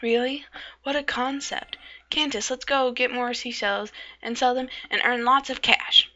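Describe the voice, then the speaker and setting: A woman's voice: a little high, fairly even intonation, a little slow, sharp tone. A woman voicing a relentlessly cheerful young girl who talks eagerly and refers to herself in the third person. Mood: excited. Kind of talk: amateur visual novel voice reading. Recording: dull lo-fi recording.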